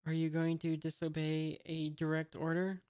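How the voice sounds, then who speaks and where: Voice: mid-range voice, moderate pace, smooth, dry recording, lightly acted. A reader doing an arrogant spoiled rich boy. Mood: sneering. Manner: reads the lines flatly, barely changing voice. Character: spoiled rich young man, arrogant and cruel. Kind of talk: reading a comic aloud.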